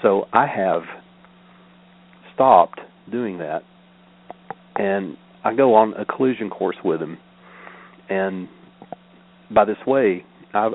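A lowish older male voice reads scripture slowly and deliberately, with a steady repeating cadence and asides of commentary. The sound is thin and narrow, like a phone line. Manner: measured, deliberate reading with a repetitive cadence. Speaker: meditation teacher. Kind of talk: reading scripture aloud with spoken commentary. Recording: narrow, tinny phone-like audio.

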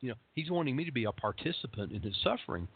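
A man's voice: medium pitch, sing-song, rapid-fire, breathy edge, dry recording. A man in his late fifties giving a rambling, casual talk on meditation and suffering, with dry humor and many fillers. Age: 50s. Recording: tinny phone-like lo-fi sound.

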